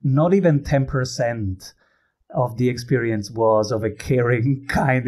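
A man's voice: medium pitch, unhurried, dark tone, lo-fi sound. A man from Italy, hosting a casual interview in a conversational way, with slightly phrasing. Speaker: podcast host.

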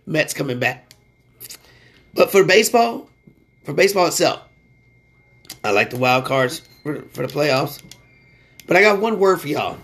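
A man hosting a sports podcast in a casual, slangy way, getting loud and excited when he rants. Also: a little high, a little slow, long pauses, breathy edge.

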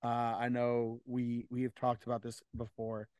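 A man's voice: medium pitch, monotone, moderate pace, darkish tone, dry recording, dull audio. A man co-hosting a coaches' podcast, talking earnestly and repeating words while he searches for phrasing. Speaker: wrestling coach and podcast co-host. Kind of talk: casual podcast chat.

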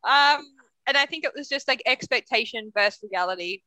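A woman's voice: a little high, animated, brisk, pushed and bright, no room sound. A young woman, co-hosting a podcast and telling personal stories in a candid, casual way, swearing freely and laughing as she talks. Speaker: podcast co-host. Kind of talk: casual storytelling chat.

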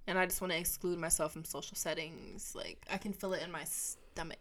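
A woman co-hosting a laid-back conversation, playful and laughing a lot. Her voice sits a little lower than most women's. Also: fairly even intonation, brisk, a bit bright. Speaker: co-host. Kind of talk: casual chat.

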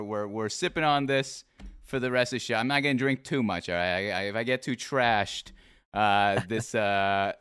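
Earnest clear-voiced man in his twenties. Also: mid-range voice, fairly bright tone, no echo, clean studio sound. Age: 20s. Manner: earnest, reassuring, repeats "all right?". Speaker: interview host. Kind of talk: livestream interview.

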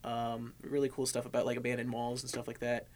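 A young man co-hosting a casual podcast chat, telling stories with lively asides and quick impressions of people he met. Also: mid-range voice. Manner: animated storyteller, mimics people in his anecdotes. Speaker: podcast co-host.

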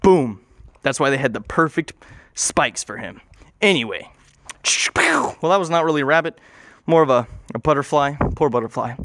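A man's voice: mid-range voice, lively intonation, moderate pace, pauses often, fairly bright tone, dry recording, studio quality. Man spinning a rambling comic story. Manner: rambling, self-interrupting, swears casually.

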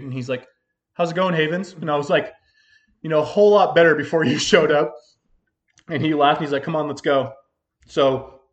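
A man's voice: medium pitch, dull audio. Profane young man telling a story. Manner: rambling, profane, full of "like". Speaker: podcast host. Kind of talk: casual storytelling chat.

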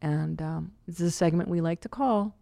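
A woman's voice: fairly low pitch, moderate pace, vocal fry, dark tone, a little hiss or hum. Frank, chatty woman podcast host. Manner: frank, chatty, laughs often. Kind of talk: casual podcast chat.

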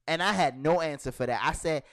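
Animated New man telling stories. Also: on the high side, brisk, no room sound, clean studio sound. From New York. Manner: animated storytelling with acted-out quotes and slang. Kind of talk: casual chat.

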